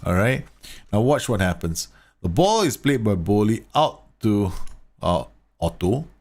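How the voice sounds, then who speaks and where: A man's voice: fairly low pitch, big pitch swings, measured pace, a little mellow. A man giving casual, chatty commentary on football management game tactics, talking straight to his viewers and laughing at his own slips. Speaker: gaming YouTuber reviewing tactics.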